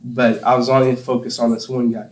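A man's voice: mid-range voice, little pitch movement, brisk, a little mellow. A young man from Campbell County, Tennessee, hosting a casual podcast, telling rambling anecdotes and laughing often. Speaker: podcast host. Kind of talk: casual chat, storytelling. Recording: echoey room.

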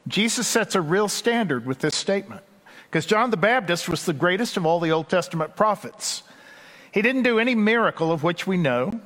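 Texan preacher in a reverberant hall. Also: male voice, high voice, expressive, a bit bright. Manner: conversational, folksy, with asides and quick bursts. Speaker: pastor. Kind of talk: sermon.

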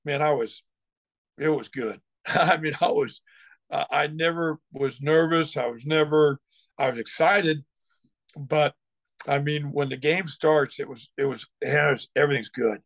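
Older ex-football coach as a guest, rambling and animated, voice pitched a bit high, very dry sound. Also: male voice, a little slow, no room sound. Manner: rambling, restarts often, gets fired up telling stories. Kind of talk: casual interview talk.

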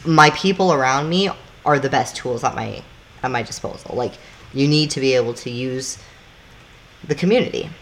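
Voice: mid-range voice, expressive, normal speed, a little hiss or hum. A podcast co-host, explaining things in loose, casual chat that swears freely and acts out little scenes.

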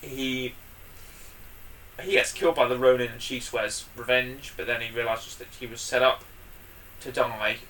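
Guy rambling excitedly on a podcast, bright voice, sounds a little back from the mic. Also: medium pitch, moderate pace, pauses often, recorded from a distance, a little hiss or hum. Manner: enthusiastic, rambling, loud bursts when excited. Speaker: podcast co-host. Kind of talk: casual chat.

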